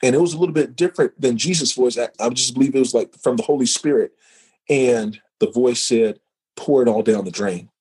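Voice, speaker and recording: A middle-aged man speaks at an ordinary, mid-range pitch with a husky, slightly rough edge. He tells his personal story of faith as a podcast guest, emphatic and emotional, often doubling his words as he builds each moment. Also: a little fast, darkish tone, poor audio. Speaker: podcast guest, former football player.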